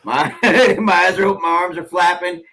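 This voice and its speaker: A man's voice: high-pitched, steady tone, normal speed, sharp tone, a little hiss or hum, poor audio. A man on a podcast, telling casual stories, often laughing as he rambles through them. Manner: laughing, rambling anecdotes with fillers. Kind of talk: casual storytelling chat.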